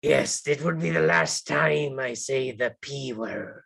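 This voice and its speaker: Deadpan tabletop player: heavy gravel in the voice, slow, formal in-character lines. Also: medium pitch. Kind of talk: tabletop role-play in character.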